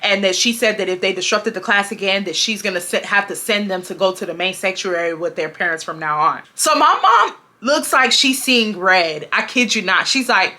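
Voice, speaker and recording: A woman's voice: normal speed, hardly any pauses. A woman in her twenties from Houston, telling a storytime to her viewers in casual slang, acting out what others said. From Houston, Texas. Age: 20s. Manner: animated, slangy, acts out quotes with big pitch jumps. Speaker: storytime vlogger.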